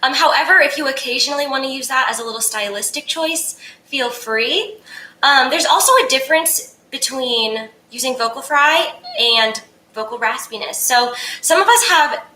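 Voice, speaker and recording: Upbeat woman voice coach, bright tone, echoey room, faint ambience. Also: high voice, normal speed, slight background noise. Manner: upbeat, demonstrates exercises by singing. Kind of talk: casual singing lesson, reading viewer questions.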